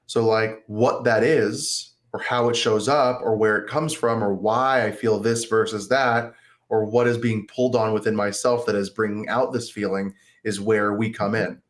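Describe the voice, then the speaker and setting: A man's voice: fairly low pitch, fairly even intonation, moderate pace. A man speaking as a therapist guest in a casual interview, explaining ideas and acting out inner self-talk in quoted lines.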